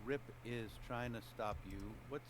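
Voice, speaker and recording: A man narrating a tabletop roleplaying game as game master, calm and matter-of-fact. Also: medium pitch, moderate pace, rough recording.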